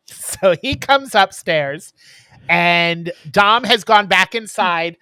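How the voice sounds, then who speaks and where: A man with a bright, forward voice recaps a film for his podcast co-host. He rambles along with frequent ums. The sound is dry and close. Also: high-pitched, animated, slow, clean tone, no echo. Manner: rambling storyteller with many ums. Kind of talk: casual chat, retelling a movie plot.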